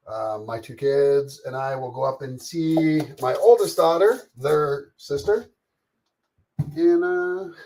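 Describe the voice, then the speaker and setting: A man's voice: mid-range voice, creaky, darkish tone. A middle-aged man from Canada, live-streaming while he cooks, chatting casually with viewers, greeting them by name and swearing freely. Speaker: livestreamer cooking while reading chat.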